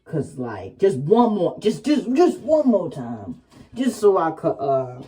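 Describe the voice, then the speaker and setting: Young woman vlogger, slangy candid storytime, low-ish mellow voice, faint music behind. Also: slow pace, slight background noise. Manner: slangy and candid, fillers and rising excitement. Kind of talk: casual storytime chat.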